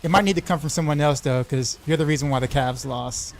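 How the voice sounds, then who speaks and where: Excitable, stammering streamer guy. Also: a little high, fairly quick, a little hiss or hum. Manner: excitable, rambling, stumbling restarts. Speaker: game streamer. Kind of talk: casual livestream chat.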